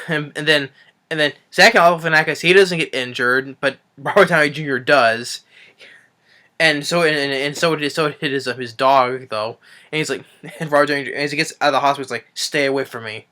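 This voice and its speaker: Bright-voiced rambling man. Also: on the high side, a little fast. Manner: rambling with frequent restarts and swearing. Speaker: movie reviewer. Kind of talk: casual spoken movie recap.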